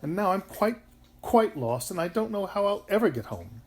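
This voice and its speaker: A man's voice: high-pitched, big pitch swings, normal speed, voice pushed up. A man voicing a frightened, lost little girl in a storybook, speaking in a pleading, tearful way.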